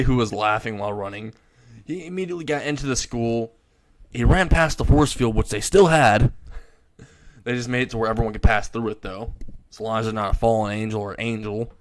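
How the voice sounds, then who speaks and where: A man's voice: mid-range voice, no echo. A young man casually narrating an improvised fan story, rambling and crude, laughing at his own jokes.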